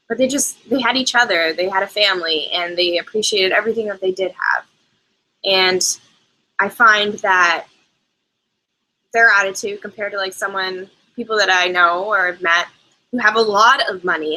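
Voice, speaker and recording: A woman's voice: mid-range voice, bright, forceful tone, rough recording. A young woman hosting a live travel chat, answering viewers' questions in a chatty, rambling way with frequent asides. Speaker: travel show host.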